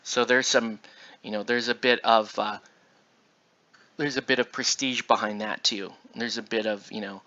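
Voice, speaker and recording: A man's voice: on the low side, fairly even intonation, moderate pace, pushed and bright. A tired man chatting casually and rambling, full of fillers and restarts, while he paints. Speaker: miniature painting channel host. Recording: dull lo-fi recording.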